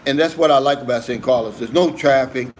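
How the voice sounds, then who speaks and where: A man hosting a livestream, casually reading out viewer comments in a relaxed way, often saying "man.". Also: mid-range voice, a little fast, slight background noise. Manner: relaxed, says "man" a lot, many fillers. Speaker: livestream host.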